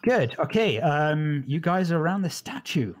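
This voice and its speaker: A man's voice: fairly high pitch, normal speed. Man running a tabletop game, rambling. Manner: relaxed, rambling with restarts. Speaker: dungeon master. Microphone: home mic on a live stream.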